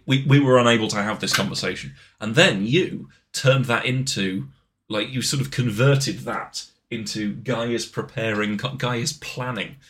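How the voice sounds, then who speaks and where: A man's voice: fairly low pitch, fairly bright tone. A man co-hosting a podcast, bantering playfully and slipping into silly voices and bits. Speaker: podcast co-host. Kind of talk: casual banter.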